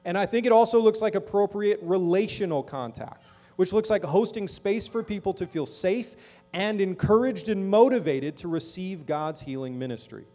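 A man's voice: high-pitched, moderate pace, mellow. A middle-aged man preaching a sermon as pastor in a church, talking conversationally and often checking in with the congregation. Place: church sanctuary.

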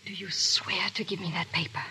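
A woman's voice: on the low side, steady tone, fairly quick, pushed and bright, a little hiss or hum. An actress playing a worried, earnest noblewoman in a 1930s radio drama. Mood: guarded. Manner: earnest, pleading.

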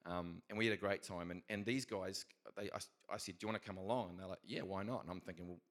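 A man's voice: low voice, fast, fairly bright tone. A middle-aged man with a New Zealand accent telling a faith story in a casual, rambling, earnest way, with many restarts. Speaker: Christian speaker telling a testimony.

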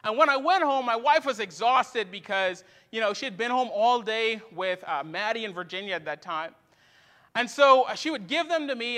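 Bright high-voiced male preacher. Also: in a large hall. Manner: conversational preaching with personal stories. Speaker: pastor. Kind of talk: sermon.

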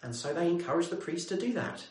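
A man's voice: on the high side, animated, fast talker, darkish tone, roomy sound, low-quality recording. A man preaching a sermon in a conversational way, often putting questions to the congregation.

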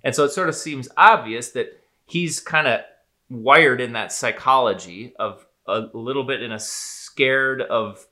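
A man's voice: mid-range voice, pushed and bright. A man in casual conversation, thinking aloud in a musing, thoughtful way. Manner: thoughtful, musing, lots of likes and restarts. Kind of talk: casual analytical chat.

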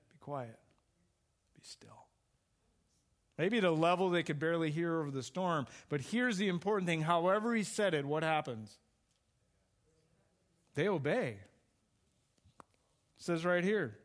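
A man's voice: high voice, fairly bright tone. A middle-aged man preaching a sermon as pastor, conversational and full of questions to the congregation.

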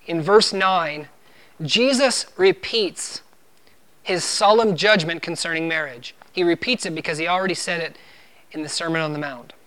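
A man's voice: on the high side, pushed and bright. A man preaching a sermon as pastor, earnest and emphatic, driving points home with firm repeated refrains.

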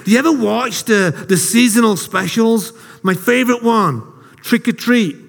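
A lay preacher in his thirties gives a casual, jokey sermon to a congregation in a very high, gravelly voice at normal speed. He tells self-deprecating stories, and the recording has long hall reverb.

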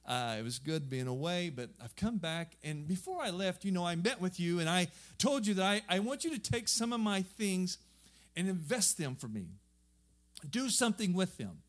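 A man's voice: high voice, big pitch swings, moderate pace. A man with a southern Missouri accent voicing a wealthy male landowner in a parable, questioning his servants in an earnest storytelling way.

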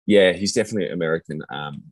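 An easygoing Australian man co-hosting a podcast, full of relaxed agreement and casual asides. His voice is very low and a bit husky, recorded dry and close. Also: rapid-fire, dry recording. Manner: easygoing, lots of "yeah" fillers. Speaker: podcast co-host. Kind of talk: casual chat.

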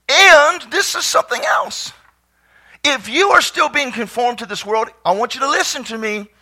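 A man preaching a fervent sermon who breaks into shouted exclamations of praise. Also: sits high.

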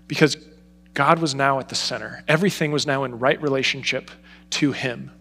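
A young adult man preaching a sermon in an earnest, conversational way, acting out quick asides and quiet prayers. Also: mid-range voice. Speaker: pastor.

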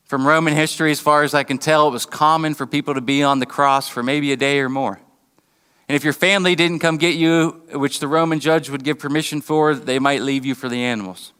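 An earnest male pastor preaches a sermon in a slightly high, bright and crisp voice. He stumbles and restarts his phrases, now and then acting out taunting voices. The sound rings with the long reverb of a church hall. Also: steady tone. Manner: earnest, halting with repeated restarts, acts out mocking voices. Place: church building.

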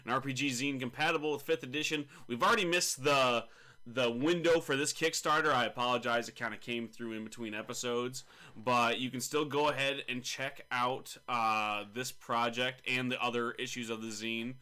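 A man's voice: medium pitch, steady tone, moderate pace, bright, forceful tone. A man, co-hosting a casual tabletop game podcast, joking and rambling with fillers. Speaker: podcast co-host. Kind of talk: casual chat about tabletop games.

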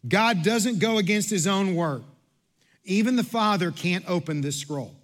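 A man with a high voice delivers a sermon to his church. He repeats phrases and restarts often. His delivery swings from hushed, low stretches to loud, rising passages. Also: measured pace. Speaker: pastor.

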